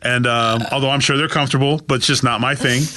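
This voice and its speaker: A man's voice: fairly even intonation, fast, sharp tone. A man telling stories as a podcast guest, animatedly acting out the voices of the people in them. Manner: acts out quoted voices with big pitch jumps. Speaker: guest, author. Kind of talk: animated storytelling.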